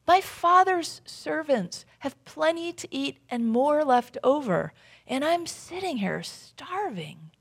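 A woman's voice: high-pitched, very animated, slow, creaky, pitched above the performer's own voice, heavily acted. Woman doing a pleading, remorseful young son. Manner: pleading, apologetic.

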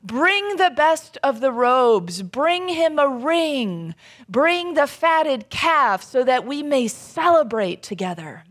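A woman voicing a generous older father welcoming his son home, speaking in slow proclamations. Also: sits high, big pitch swings, a bit bright, pitched above the performer's own voice, full character voice. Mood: joyful.

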